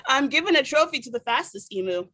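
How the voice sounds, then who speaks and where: A woman performing improv scenes, quick and animated. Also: high voice.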